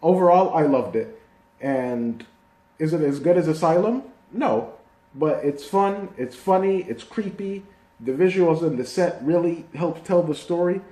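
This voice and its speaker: Chatty man with a mellow, echoey voice. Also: a little high, lively intonation, measured pace. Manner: chatty, rambling with fillers and restarts. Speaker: TV reviewer. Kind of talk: casual video review. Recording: echoey room.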